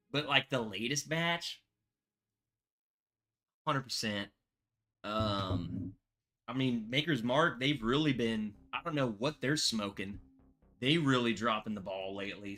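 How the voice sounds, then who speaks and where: A man hosting a casual bourbon livestream, excitable and rambling, thanking viewers by name. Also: mid-range voice.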